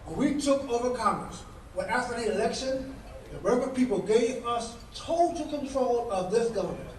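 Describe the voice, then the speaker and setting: A man's voice: very high-pitched, animated, fairly quick, slight background noise. A man giving a fiery political speech at a dinner, with an emphatic, preacher-like cadence and strings of repeated rhetorical questions. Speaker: guest speaker at a political dinner. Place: banquet hall. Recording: echoey hall from far off.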